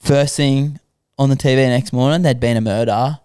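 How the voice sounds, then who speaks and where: A young Australian man, a podcast guest, telling a story in relaxed casual chat and lively when he quotes others. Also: medium pitch, moderate pace, clear, resonant tone, no room sound, studio quality. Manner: laid-back, animated when quoting people.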